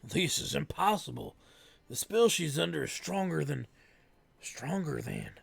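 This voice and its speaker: A man's voice: a little high, lively intonation, measured pace, gravelly, husky, no room sound, exaggerated voice. A man voicing a brash young male priest with a put-on American Southern drawl, who chants solemn prayers. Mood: desperate.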